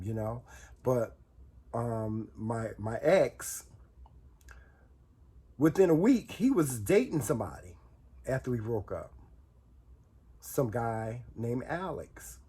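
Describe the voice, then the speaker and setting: A man's voice: medium pitch, warm tone. A man casually telling viewers a personal story, rambling and repeating words as he goes.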